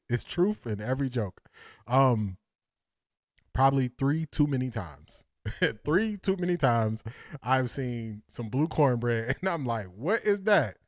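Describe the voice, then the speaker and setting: A man's voice: mid-range voice, expressive, takes it slowly, pauses often, no room sound, studio quality. A man from Ohio, hosting a casual livestream, joking with chat, laughing often and repeating lines for effect. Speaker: sports talk livestream host reading chat.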